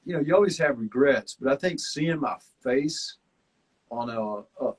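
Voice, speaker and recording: A man with a Southern accent talks casually and reflectively about his time on a survival show, in a medium-pitched, slightly breathy voice at a measured pace. He's a former contestant, relaxed and rambling with lots of fillers, though the audio is poor.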